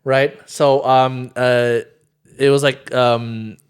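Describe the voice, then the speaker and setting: A man's voice: medium pitch, flat delivery, smooth. Male podcast co-host, casual and rambling, laughs easily. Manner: rambling, heavy with fillers, quick to laugh. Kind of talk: casual chat.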